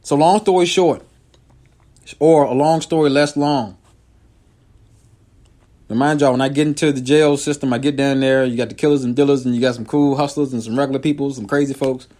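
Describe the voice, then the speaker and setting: A man telling a personal story to his viewers in a casual, animated way, jumping from loud high outbursts to low, quiet asides. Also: fairly quick, pauses often. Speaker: comedian and show host.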